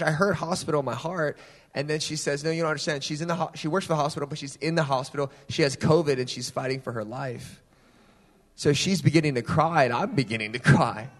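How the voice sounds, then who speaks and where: A young adult man preaching a sermon, telling personal stories in a casual, animated way. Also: a little high. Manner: animated storytelling, casual phrasing. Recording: long hall reverb.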